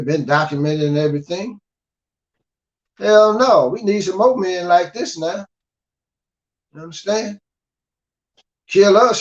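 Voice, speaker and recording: An older man with a high voice lectures in a gruff, scolding way and keeps checking that the listener follows. The recording sounds dull and lo-fi. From United States. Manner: gruff, scolding, repeats "you understand?". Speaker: guest speaker. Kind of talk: blunt preaching monologue. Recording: dull lo-fi audio.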